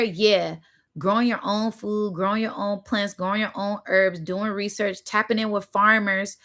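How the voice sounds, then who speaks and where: A slightly bright, medium-pitched young woman runs a spiritual channel and is mid-rant on a livestream. Emphatic and preachy, she curses, repeats "right?" and "y'all" constantly, and is on the verge of tears.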